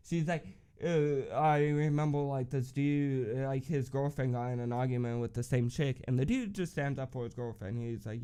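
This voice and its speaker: Profane, rambling young man with a smooth voice. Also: fairly high pitch. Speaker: vlogger. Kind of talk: casual storytelling.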